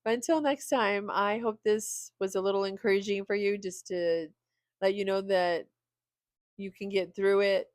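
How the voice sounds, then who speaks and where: A woman's voice: mid-range voice, fairly even intonation, moderate pace, dry recording, studio quality. A tired middle-aged woman chatting candidly and a little ramblingly to camera as a video creator. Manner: candid and rambling, with small laughs. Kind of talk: casual vlog talk to camera.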